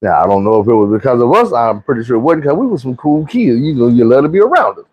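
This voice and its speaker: A man's voice: medium pitch, big pitch swings, quick pace, breathy edge, highs cut off. A young man with a Southern US accent telling a casual, slangy, profane storytime. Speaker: storyteller vlogger.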